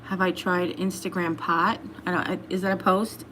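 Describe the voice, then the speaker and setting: A woman hosts a casual livestream from her home, chatting easily and reading viewer comments aloud. Her voice sits a little low and she laughs often. A faint background hum runs under her talk. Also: little pitch movement, normal speed, bright, forceful tone. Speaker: livestream host.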